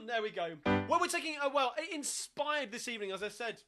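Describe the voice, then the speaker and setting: A man's voice: very high voice, sing-song, normal speed. A man hosting a live sing-along stream, chatting between songs in a rambling, filler-heavy way. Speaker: sing-along host and pianist. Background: loud piano playing.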